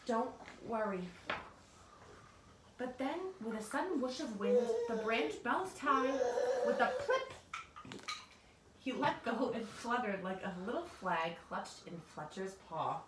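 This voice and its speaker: Expressive woman reading a picture book aloud. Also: a little high, unhurried. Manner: expressive, with asides to a child. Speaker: storybook reader. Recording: echoey room, far from mic, audible noise.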